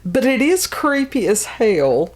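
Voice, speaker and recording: A woman's voice: on the high side, sing-song, takes it slowly. A woman hosting a casual podcast chat, blunt and exasperated, often sighing and laughing. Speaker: podcast host.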